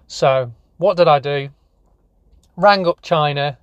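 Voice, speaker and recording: A man hosting a comedy show in a rambling, deadpan monologue full of restarts. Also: on the high side, moderate pace, smooth, no echo, lo-fi sound.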